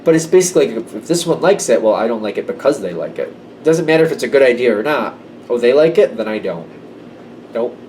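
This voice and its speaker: A man's voice: medium pitch, lively intonation, fast, a little mellow, distant mic, a little hiss or hum, poor audio. A man giving a casual tarot reading to camera, conversational and emphatic. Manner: conversational, emphatic, slips into quoted voices. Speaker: tarot reader.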